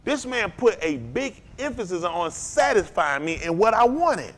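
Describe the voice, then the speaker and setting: A man preaching a sermon, animated and working with call and response, climbing to loud, high peaks. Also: normal speed, few pauses.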